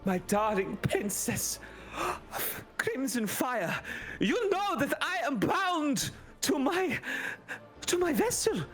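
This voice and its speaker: A man voicing a furious fire-spirit mother who scolds her daughter in a shrill, teary voice, in a tabletop game. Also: big pitch swings, slow pace, long pauses, a bit bright, full character voice. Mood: tender. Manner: shrill, scolding, near tears. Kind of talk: tabletop role-play voice.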